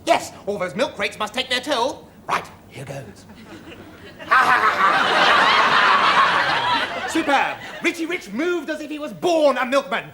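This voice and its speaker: An actor playing a vain, pompous, scheming TV star who talks in a theatrical, shouty, mocking way. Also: male voice, high-pitched, heavy background noise, exaggerated voice.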